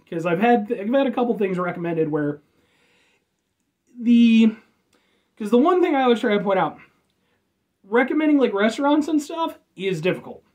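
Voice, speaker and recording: An American man reviews a soda in a loose, rambling vlog, cracking jokes and dropping the odd swear. His pitch swings widely, rising high and dropping low as he talks. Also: darkish tone. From United States. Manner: rambling, jokey, swears casually. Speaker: food and drink reviewer.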